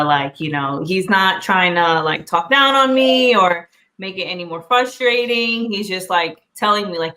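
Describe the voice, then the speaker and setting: A woman's voice: on the low side, expressive, measured pace, hardly any pauses, pushed and bright. A woman hosting a casual podcast, talking candidly and with self-deprecating humor. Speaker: podcast host.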